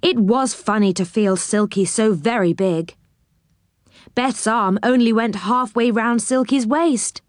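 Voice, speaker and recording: Slow storybook lady, kinda high voice, dry close mic, reads gently for kids. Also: no echo. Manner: slow, gentle, expressive reading with voices for characters. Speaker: storybook reader. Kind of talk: reading a children's chapter book aloud.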